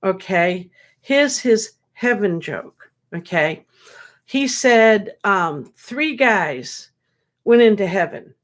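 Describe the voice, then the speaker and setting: Tired, slow-talking psychic woman. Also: medium pitch, lively intonation. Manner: rambling, relays spirit messages and jokes, laughs easily. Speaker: psychic medium hosting a livestream. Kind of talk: casual livestream chat. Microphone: webcam or computer mic.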